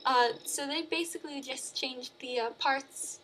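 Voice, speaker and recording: A woman casually recapping a movie in a chatty, animated way. She uses lots of fillers and corrects herself as she goes. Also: high voice, a little slow, slight background noise. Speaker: movie reviewer.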